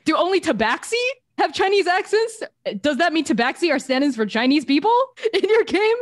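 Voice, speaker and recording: A woman's voice: sits high, sing-song, a little fast, no room sound. A young woman talks on a discussion panel with emphatic conviction. Her speech is casual and full of filler words. The sound is dry and close.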